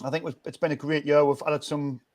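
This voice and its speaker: A man's voice: on the high side, level tone, a little fast, a little mellow. A man, hosting a casual football fan chat, rambling and restarting often in an upbeat way. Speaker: fan channel host.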